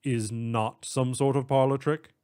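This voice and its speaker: A man's voice: mid-range voice, steady tone, unhurried, warm tone, smooth, natural voice. A man voicing a male bank manager who questions others with incredulity. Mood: questioning. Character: stern, curious middle-aged male bank manager.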